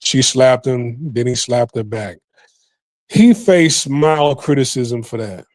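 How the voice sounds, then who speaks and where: A man's voice: medium pitch, slow pace, no echo. A man hosting a podcast, giving rambling, profane casual commentary and repeating himself often. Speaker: podcast host.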